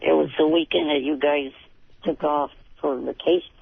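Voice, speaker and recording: A man's voice: fairly high pitch, steady tone, normal speed, gravelly, slightly rough, dry recording. A man calling in to a radio show, cranky and combative. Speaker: caller. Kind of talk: phone call to a radio show. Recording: tinny phone line on air.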